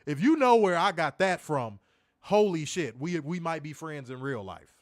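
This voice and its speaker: Livestream wrestling reviewer, male, lively and profane, higher-pitched, dry mic. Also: moderate pace, dry recording. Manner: animated, profane, slangy, reads chat aloud.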